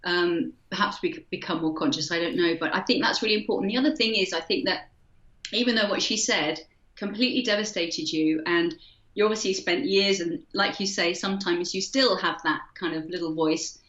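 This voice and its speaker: A woman hosting an interview, speaking in a measured, thoughtful way with gentle hedges. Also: lowish voice, echoey room, muffled recording. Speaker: podcast host. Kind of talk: reflective interview talk.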